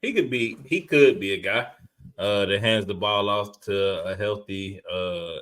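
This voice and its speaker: A male podcast co-host riffs on football with slangy, profane trash talk. His voice sits on the lower side and keeps an easy, animated casual-chat tone. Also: measured pace.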